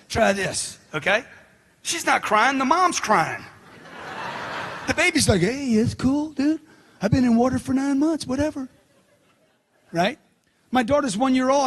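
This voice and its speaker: A middle-aged man giving a forceful, preachy motivational seminar talk, firing questions at the crowd. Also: very high voice, breathy edge. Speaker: motivational speaker.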